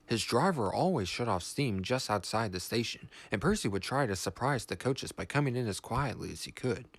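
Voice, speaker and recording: A man narrating a children's storybook in a measured, expressive way. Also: mid-range voice, dry recording.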